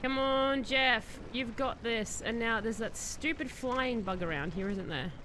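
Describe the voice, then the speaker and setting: A woman streaming a game, possibly, chatting excitedly and answering her chat as she plays. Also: fairly high pitch, unhurried, slight background noise. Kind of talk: live-stream gameplay chat.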